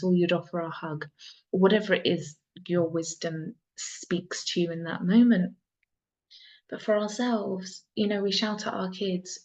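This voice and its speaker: A woman mentor talking in an earnest, reflective monologue, soft-spoken and repeating phrases for emphasis. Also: on the low side. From England. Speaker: soul mentor. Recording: dull lo-fi sound.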